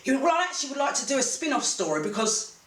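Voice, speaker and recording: A woman, a boxing promoter telling animated stories as an interview guest. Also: high-pitched, rapid-fire. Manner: animated, laughing storyteller. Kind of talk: casual storytelling interview. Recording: echoey room, mic at a distance, faint noise.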